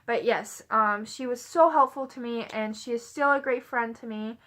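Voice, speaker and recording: A woman's voice: fairly high pitch, normal speed, fairly bright tone. A young adult woman vlogging, telling a personal story in a rambling, casual way with many "like" fillers.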